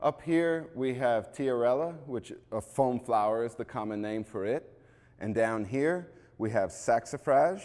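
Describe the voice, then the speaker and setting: A man calmly explaining, an instructor giving a measured demonstration. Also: medium pitch, big-room sound. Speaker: bonsai instructor.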